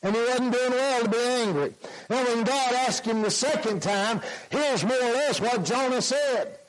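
Slow, high-voiced male preacher. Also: animated, rough recording. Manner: slow, emphatic preaching with repetition. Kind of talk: sermon.

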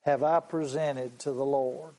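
A man preaching a sermon, telling a story slowly and earnestly and repeating his phrases. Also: medium pitch, steady tone, mellow, low-quality recording.

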